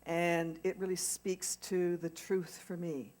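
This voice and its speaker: Woman, spiritual practitioner, at a lectern, earnest, measured, a little off mic. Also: on the low side, little pitch movement, a little mellow. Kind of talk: reading a quote at a lectern.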